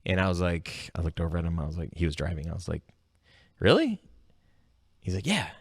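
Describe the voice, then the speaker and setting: Deep-voiced podcast guy telling stories, gets animated, super dry mic. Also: rapid-fire, gravelly, breathy edge, dry recording. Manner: animated storytelling, jumps high when quoting himself. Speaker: podcast host. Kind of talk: casual solo podcast monologue.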